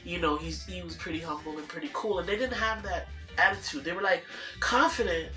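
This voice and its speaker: A woman with a bright, forceful voice tells a personal story casually. She acts out the dialogue with energy and laughs often. The room echoes around her, with faint music underneath. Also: fairly low pitch, brisk.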